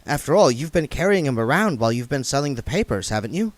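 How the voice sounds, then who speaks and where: A man voicing an earnest, polite young reporter who talks briskly. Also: mid-range voice, sing-song, dry recording, pitched above the performer's own voice, close to an everyday voice.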